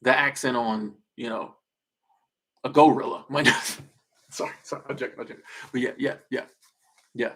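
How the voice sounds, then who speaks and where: A man's voice: mid-range voice, steady tone, normal speed, pauses often, fairly bright tone. A man chatting casually on a livestream, joking and rambling as he reacts to viewer comments. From Southern United States. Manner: joking, rambling, trails off and restarts. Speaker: streamer.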